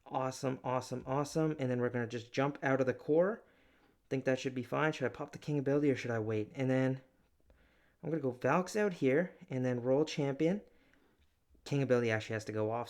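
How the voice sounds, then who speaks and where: Fast-talking excitable gaming commentator man. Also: medium pitch. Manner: excitable, chatty, self-mocking. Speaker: gaming YouTuber. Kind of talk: game commentary over gameplay.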